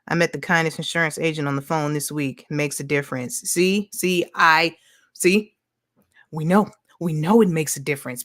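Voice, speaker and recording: Low-voiced chatty woman livestreamer. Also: fairly bright tone, no echo, clean studio sound. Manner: chatty, loose, heavy on "you know", reads chat aloud. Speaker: livestream host. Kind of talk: casual livestream chat.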